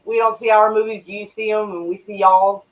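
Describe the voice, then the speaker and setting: A woman joining a casual stream chat, speaking bluntly with quick asides. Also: mid-range voice, little pitch movement, slight background noise. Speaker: call-in guest on a stream. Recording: tinny phone-like line.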